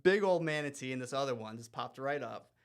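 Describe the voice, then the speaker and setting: A man hosting a podcast, chatting casually, telling stories in an animated way with frequent laughter and asides. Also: medium pitch, a little fast, clean tone. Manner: animated storyteller, laughs often, trails off into asides. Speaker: podcast host. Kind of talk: casual conversation.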